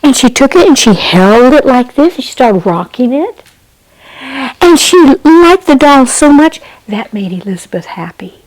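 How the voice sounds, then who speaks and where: A woman telling a children's story slowly and expressively, often dropping into a hushed whisper and turning to the listener with asides. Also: sits high, very animated, low-quality recording. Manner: slow, gentle delivery with asides to the listener.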